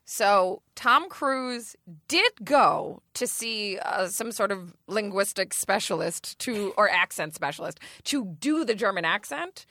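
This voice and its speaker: Playful woman panelist, bright voice. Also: medium pitch, lively intonation, takes it slowly, dry recording. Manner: playful, teasing asides. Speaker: comedy panelist. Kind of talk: comedy panel banter.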